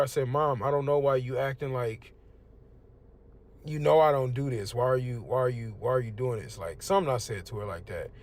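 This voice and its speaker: A young man from the United States giving a casual religious testimony, preachy and conversational. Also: medium pitch. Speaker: testimonial speaker.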